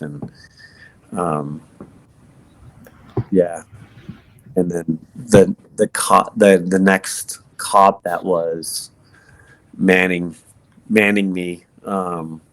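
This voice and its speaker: A man with a low voice and a gravelly edge tells his own story as a podcast guest. He speaks, earnest and halting, circling back over his words with fillers and restarts. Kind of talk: personal testimony in conversation.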